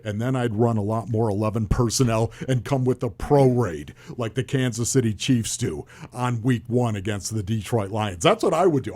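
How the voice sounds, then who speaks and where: A man working as a radio color analyst, talking football in an animated, emphatic way and firing off rhetorical questions. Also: medium pitch, normal speed, few pauses. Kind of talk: sports talk analysis.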